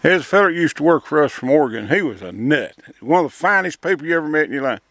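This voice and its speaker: An older man with a drawl tells logging stories in an easy, chuckling way. His voice is gravelly and a touch high, recorded dry and close. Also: expressive, fast talker, a bit bright, no room sound. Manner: drawling rural storyteller, chuckling. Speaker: retired logger and sawmill owner. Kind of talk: casual storytelling.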